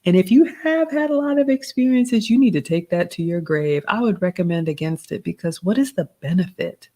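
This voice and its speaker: Woman, 40s, Southern accent, low-pitched, polished and motherly, casual livestream Q&A host. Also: lively intonation, brisk, mellow. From American South. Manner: polished, motherly advice-giving, reads comments aloud. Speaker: livestream host answering chat.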